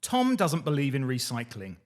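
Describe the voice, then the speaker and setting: Man reading diaries deadpan. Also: medium pitch, normal speed. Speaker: podcast host reading diaries. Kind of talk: casual chat and diary reading.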